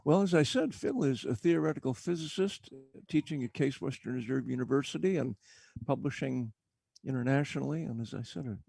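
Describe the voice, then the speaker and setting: A man hosting a talk show, speaking haltingly with frequent restarts. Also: mid-range voice, vocal fry, mellow, slightly rough, no room sound. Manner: halting, repeats and restarts words. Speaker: show host. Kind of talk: casual talk show chat.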